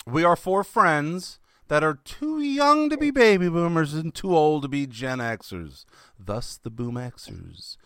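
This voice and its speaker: A man's voice: fairly high pitch, very animated, slow pace, fairly bright tone, smooth, dry recording, studio quality. A man in his fifties from Pennsylvania hosting a casual podcast chat, jokey and playful, swearing casually. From Pennsylvania, USA. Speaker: podcast host.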